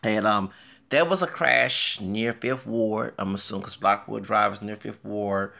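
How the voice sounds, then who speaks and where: A young man from Houston with a Texan drawl talks in loose, rambling vlog commentary. His voice is gravelly with a sharp, bright edge. He gets excitable, and his pitch leaps up when something amuses him. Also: a little slow. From Houston, Texas. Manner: chatty, excitable, laughs and jumps in pitch. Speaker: vlogger. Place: home bathroom.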